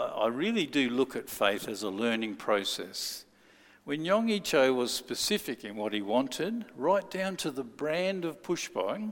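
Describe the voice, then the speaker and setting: Slow, gravelly preacher. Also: male voice, medium pitch. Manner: storytelling, acts out quoted voices. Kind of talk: sermon. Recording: long hall reverb.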